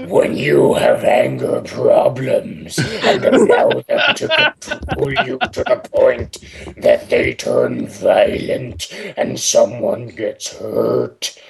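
A man putting on a gravelly slow ogre voice. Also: mid-range voice, full character voice. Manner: reads aloud sternly, lecturing, stifling laughter. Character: gruff male ogre giving stern advice. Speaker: podcast co-host. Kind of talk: comedic reading of an online post.

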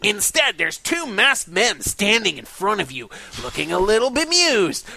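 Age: adult. Sex: male. Style: comedic mock-serious read-aloud. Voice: high, very bright, creaky, lively pitch. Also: measured pace. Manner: mock-serious reading, breaking into laughs. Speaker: podcast co-host reading aloud. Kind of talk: comedic reading of amateur fiction.

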